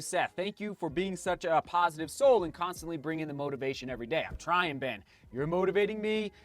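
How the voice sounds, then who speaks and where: A man's voice: fairly high pitch, a bit bright. Chatty enthusiastic man vlogging. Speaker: running vlogger reviewing shoes. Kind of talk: casual vlog talk to camera. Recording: faint music behind.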